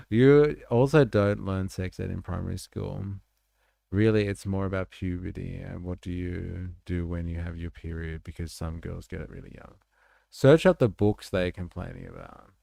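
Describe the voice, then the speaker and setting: Low gravelly guy on a live stream, laid-back, jokey, swears a lot, dry close mic. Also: normal speed, no room sound. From Australia. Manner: laid-back, joking, swears freely, laughs loudly. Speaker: live stream host reacting to videos. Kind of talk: casual live reaction chat.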